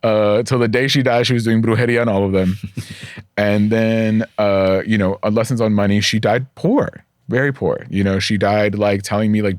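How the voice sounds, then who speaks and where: Podcast guest, male, low-leaning voice, candid and salty, animated storyteller, recorded dry and close. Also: normal speed, no room sound. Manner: animated, candid and profane, acting out quoted voices. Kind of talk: casual conversational storytelling.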